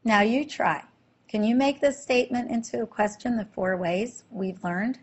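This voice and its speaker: A French teacher with a slightly high voice leads a slide-based language lesson, and the audio sounds dull. She explains slowly and clearly, quizzing the listener with questions.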